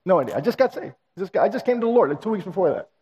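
A male pastor telling a story in a sermon, animated and acting out the dialogue. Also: high-pitched, rapid-fire, lo-fi sound. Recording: reverberant hall.

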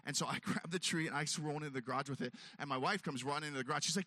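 A man's voice: a little high, fast, hardly any pauses, sharp tone, no echo. A man telling a long self-mocking story on stage, acting out his own voice and others' as he goes. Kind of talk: stand-up storytelling.

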